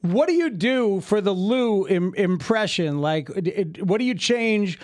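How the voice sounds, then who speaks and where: A man's voice: high voice, animated, unhurried, no echo, clean studio sound. A man hosting sports talk radio, chatty and enthusiastic with his guest.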